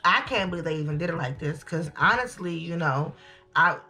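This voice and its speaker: A young woman, chatting to viewers as she tells a lively storytime. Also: on the low side, a little fast, soft background music. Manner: animated, chatty, addresses viewers as y'all. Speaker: storytime vlogger. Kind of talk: casual storytelling to camera.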